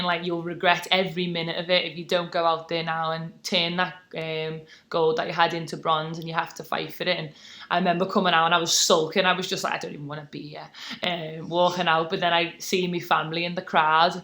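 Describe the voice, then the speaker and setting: A woman's voice: lowish voice, flat delivery, brisk, bright, forceful tone. A British woman in her twenties, a sportswoman telling her story in a casual podcast interview, chatty and full of fillers. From Britain. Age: 20s. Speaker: guest, taekwondo athlete.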